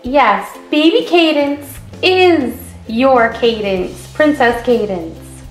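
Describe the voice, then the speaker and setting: A woman voicing a calm, clever young pony princess who talks patiently and reassuringly in a toy skit. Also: sits high, takes it slowly. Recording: roomy echo, faint music.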